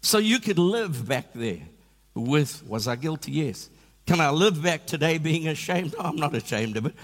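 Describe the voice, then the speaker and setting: A man preaching a sermon in a church, telling animated, self-mocking stories. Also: on the high side, normal speed, big-room sound. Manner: animated storytelling with self-deprecating humor. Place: church hall.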